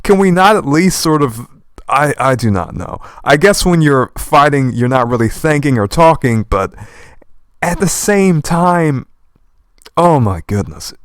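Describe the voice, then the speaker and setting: A young man with a slight lisp rambling in animated commentary while reading a manga aloud, dropping in old-fashioned verb endings. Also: on the high side, no echo, studio quality. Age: young adult. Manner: animated, fast and passionate talker.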